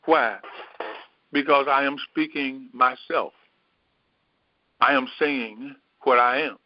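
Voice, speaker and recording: Middle-aged man, mid pitch, reflective Bible teacher thinking aloud; dull dry lo-fi take. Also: fairly even intonation, dry recording. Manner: unhurried, repetitive, musing aloud. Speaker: spiritual teacher.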